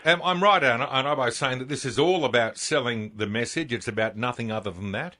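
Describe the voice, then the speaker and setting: Blunt, indignant Australian radio host. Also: male voice, medium pitch, quick pace, bright, forceful tone, no echo. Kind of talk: opinionated talk radio commentary.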